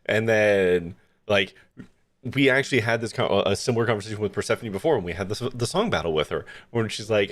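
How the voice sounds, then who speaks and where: Low-voiced, animated swearing game streamer. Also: male voice, fairly quick. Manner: profane, laughing, animated rants. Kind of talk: casual let's-play commentary.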